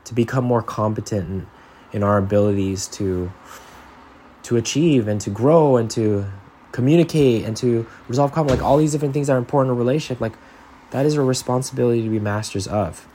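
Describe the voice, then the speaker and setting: A man's voice: medium pitch, fairly quick, mellow, a little hiss or hum. A man hosting a podcast, talking in a casual, earnest monologue with lots of restarts and filler words. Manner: earnest, rambling with frequent "like" and restarts. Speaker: podcast host.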